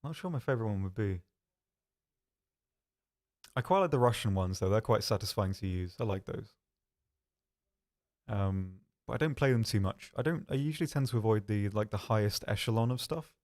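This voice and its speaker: Young guy streaming, soft calm voice sitting a bit low, dry humor, chatting with viewers. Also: normal speed, pauses often. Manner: soft-spoken, calm, dry and self-deprecating. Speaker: stream host answering chat questions. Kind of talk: casual live-stream chat.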